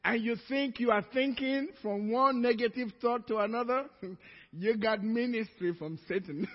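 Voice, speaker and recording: Male preacher, very high voice, animated storyteller who acts out the characters; dull-sounding recording in a big reverberant church. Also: measured pace. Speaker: pastor. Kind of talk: sermon.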